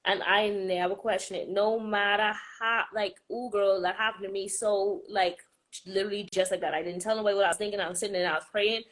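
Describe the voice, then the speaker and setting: A woman, a podcast host chatting casually about faith in a fast, emphatic, sassy way. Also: medium pitch, fairly even intonation, a bit bright, low-quality recording.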